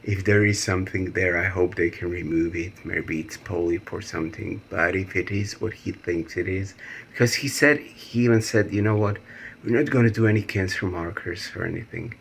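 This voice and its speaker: Male vlogger, very deep gravelly voice, rambling and emotional, faint background hiss. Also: normal speed, a bit bright. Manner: emotional, rambling, laughs nervously. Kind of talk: personal video diary.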